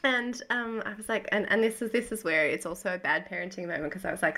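Bright-voiced woman, crude and laughing. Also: medium pitch, level tone, fast talker. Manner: crude, self-mocking, laughs often. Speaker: podcast co-host. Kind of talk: casual comedic chat.

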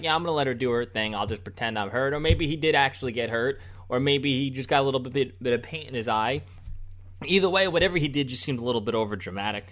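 A man's voice: mid-range voice, fairly bright tone. A man hosting a political commentary show, arguing in a sarcastic, combative way and now and then mocking the other side in a put-on voice. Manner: argumentative, sarcastic, mocking mimicry of opponents. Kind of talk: opinion commentary over video clips.

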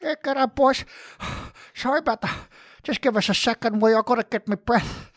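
A woman doing a rambling, prickly Australian sports journalist, out of breath and quick to take offence. He trips over his words, and the voice sounds close and dry. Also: medium pitch, steady tone, no echo, natural voice. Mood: blustering. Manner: rambling, stumbling, defensive. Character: blustering out-of-breath male footy journalist, touchy. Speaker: guest playing a journalist. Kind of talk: comedy sketch.

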